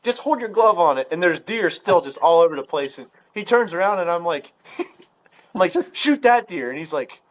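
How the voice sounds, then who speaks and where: A man with a somewhat higher voice spins a long, rambling hunting yarn in casual chat. He is loose and profane, and he jumps his pitch up whenever he acts out what someone said. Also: expressive, normal speed. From Ohio. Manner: rambling, profane storyteller full of filler words. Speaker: podcast guest storyteller.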